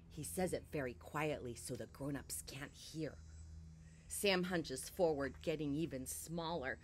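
A woman reading a children's picture book aloud on a porch, shifting from hushed whispers to loud outbursts. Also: low voice, unhurried, slight background noise. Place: porch, outdoors.

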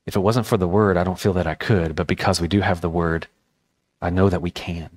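A man's voice: deep voice, fairly even intonation, brisk. A male pastor preaching a sermon, earnest and impassioned, telling personal stories. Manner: storytelling with personal anecdotes. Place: church.

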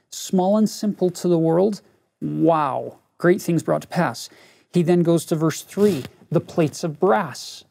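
His voice sits a little high, mellow and touched with vocal fry. The speaker is a middle-aged religion teacher leading a scripture lesson, earnestly relating a personal story while addressing listeners head-on.

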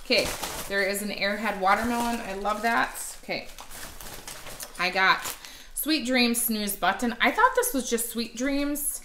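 A woman's voice: measured pace, sharp tone, echoey room, a little hiss or hum. A woman chatting enthusiastically to her viewers about her haul, gushing over what she likes. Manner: slips into a high baby-talk voice for her dog. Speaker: wax haul vlogger. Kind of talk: casual product haul chat.

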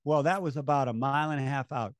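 A man's voice: mid-range voice, fast, dry recording, studio quality. An older man, a race announcer, telling stories in an interview and acting out the voices of people he quotes. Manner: animated storyteller, acts out quoted voices, chuckles. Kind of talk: conversational storytelling interview.

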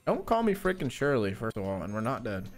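A man's voice: medium pitch, very animated, brisk, soft background music. A man streaming a ranked game, ranting in frustration at his teammates and muttering sing-song asides. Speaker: streamer playing a ranked match. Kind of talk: gaming stream commentary.

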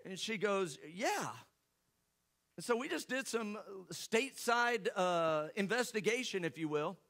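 A man's voice: high-pitched, moderate pace, a bit bright. A man preaching a sermon, telling a personal story and joking with the congregation. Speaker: pastor.

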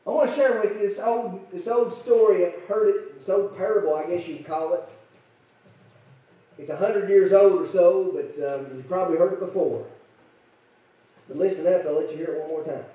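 A man's voice: high-pitched, moderate pace, mellow, lo-fi sound. A male preacher telling a folksy story in a sermon, repeating himself with fillers. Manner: folksy, repetitive, filler-laden. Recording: echoey church from far off.

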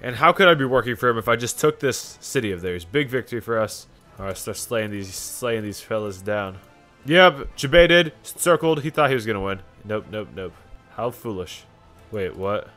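A young man commentating his own strategy game in a casual, joking way, often breaking into sudden shouts. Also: lowish voice, normal speed. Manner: excitable, jokey, sudden shouts. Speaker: gaming YouTuber. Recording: faint music behind.

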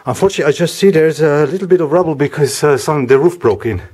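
A man talking casually as he walks through a house, giving a vlog tour with a chatty, wry, deadpan humor. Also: fairly high pitch, fast, breathy edge. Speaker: vlogger house sitting.

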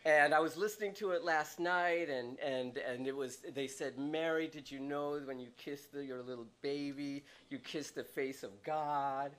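A man preaching a sermon in a church, animated and often laughing as he tells stories and mimics the people in them. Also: fairly high pitch, normal speed, hardly any pauses. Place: church sanctuary.

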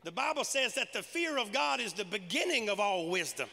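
A man preaching with a high, gravelly voice that has a bright, forceful edge. His delivery is punchy and conversational, and long reverb trails his words around a large church sanctuary. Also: sing-song, brisk. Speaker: pastor. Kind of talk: sermon.

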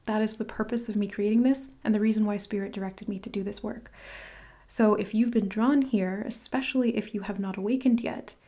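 Woman host, gushing spiritual tarot reader, dips into whispers, mellow tone. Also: mid-range voice, steady tone, brisk. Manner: earnest, gushing, whispers for emphasis. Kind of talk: casual spiritual reading to camera.

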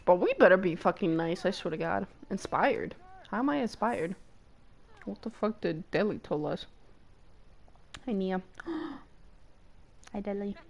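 A young woman streamer chatting casually with her viewers, excitable, squealing and laughing often and swearing freely. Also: mid-range voice, moderate pace, vocal fry, long pauses.

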